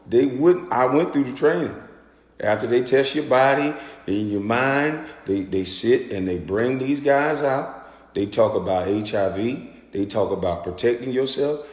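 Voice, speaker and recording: A former pro basketball player telling a story in an animated, profane, indignant rant. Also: male voice, medium pitch. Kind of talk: ranting storytelling monologue. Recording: echoey room with long reverb.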